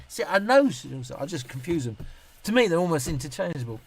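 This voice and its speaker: A man's voice: fairly high pitch, big pitch swings, a little fast, slight background noise. A tipsy middle-aged man, rambling, swearing and laughing as he answers viewer comments on a live stream. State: tipsy from drinking. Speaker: YouTube reviewer on a live stream.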